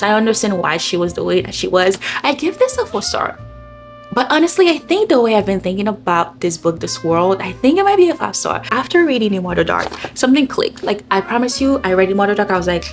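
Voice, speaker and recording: A young woman in casual vlog chat, animated and gushing. Her slightly high voice dips into low, confiding murmurs and then leaps up in excited bursts. Soft music plays faintly underneath. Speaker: vlogger.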